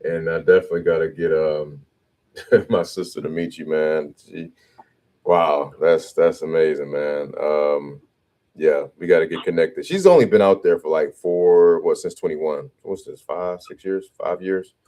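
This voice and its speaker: A man hosting a casual call, warmly encouraging and quick to affirm what he hears. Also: extremely low pitch. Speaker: host.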